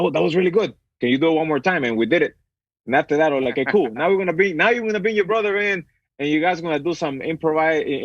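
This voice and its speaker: A man's voice: medium pitch, no echo, dull audio. A man being interviewed as an actor guest, telling a story casually with lots of restarts and fillers.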